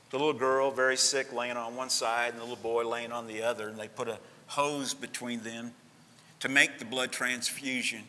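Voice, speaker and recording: A man preaching a sermon as a pastor, telling a story that swings from loud to hushed. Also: mid-range voice, slight background noise. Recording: long hall reverb.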